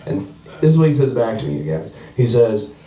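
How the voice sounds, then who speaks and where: Animated man doing stand-up in echoey room. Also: medium pitch, a little fast. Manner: animated, profane, acts out characters. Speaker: stand-up comedian. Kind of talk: stand-up storytelling. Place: house party comedy show with live audience. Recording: echoey room, distant mic, audience laughter.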